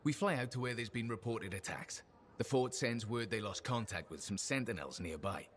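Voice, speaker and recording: A man's voice: fairly low pitch, moderate pace, slight background noise, lightly acted. An actor playing an upbeat man who runs a crew's books, telling stories in video game dialogue in a chatty, friendly way. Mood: storytelling. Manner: chatty, friendly, animated storyteller.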